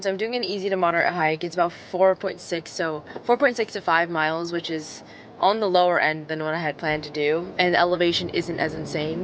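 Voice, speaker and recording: A woman's voice: lowish voice, fairly bright tone, slight background noise. A young woman chatting casually to the camera while hiking outdoors, rambling with lots of fillers. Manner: chatty, rambling with many likes. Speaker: vlogger. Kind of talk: casual vlog talk to camera. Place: outdoors on a mountain hiking trail. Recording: vlog footage with background music. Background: music, outdoor ambience.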